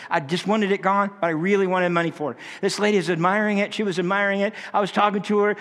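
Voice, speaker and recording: A man's voice: high voice, a bit bright. A man preaching a sermon in an earnest, conversational way, swinging his voice up and down for emphasis. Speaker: pastor. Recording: long reverb of a large hall.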